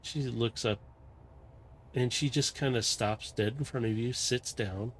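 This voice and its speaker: A man running a tabletop game as game master, narrating a dream scene in a calm, meandering, descriptive way. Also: mid-range voice, unhurried, a little hiss or hum.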